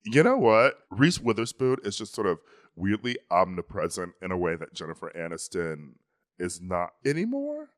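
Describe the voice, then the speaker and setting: Co-hosting a podcast, a man chats casually and enthusiastically about pop culture, playful and laughing often. His voice is low-pitched with huge pitch swings. He talks at a moderate pace.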